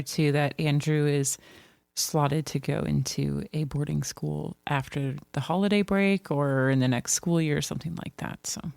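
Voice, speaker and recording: A podcast co-host retelling a novel's plot in casual chat, with dry, deadpan asides. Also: mid-range voice, vocal fry, dry recording. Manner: chatty storyteller, deadpan asides. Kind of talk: casual book discussion.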